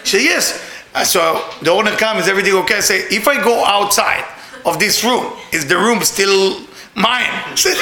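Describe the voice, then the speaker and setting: Animated man, lively high voice. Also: moderate pace, roomy sound. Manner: expressive, laughs often, broken English. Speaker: storyteller. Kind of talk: animated personal storytelling.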